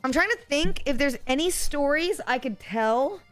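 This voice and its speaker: A woman streamer telling a story casually to her live chat, animated and profane, laughing as she goes. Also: sits high, normal speed, soft background music.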